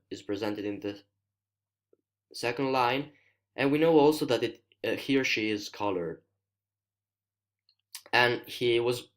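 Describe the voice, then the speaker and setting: In this screencast lesson, an Italian-accented male student from Italy, a native Italian speaker, explains a poem at a medium pitch. He comes across as careful and unsure, breaking off to find his words.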